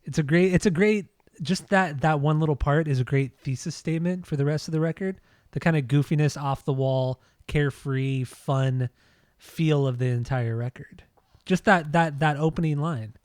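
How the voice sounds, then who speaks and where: Eager, laughing man with a slightly high voice. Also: normal speed, darkish tone, no echo, clean studio sound. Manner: enthusiastic, laughs often, rambling restarts. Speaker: podcast co-host. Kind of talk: casual music chat.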